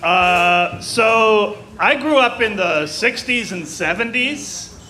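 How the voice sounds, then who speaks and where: A man in his sixties from Virginia doing slow, deadpan stand-up storytelling on a club stage. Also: sits high. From Virginia, USA. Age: 60s. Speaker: stand-up comedian. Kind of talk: stand-up comedy.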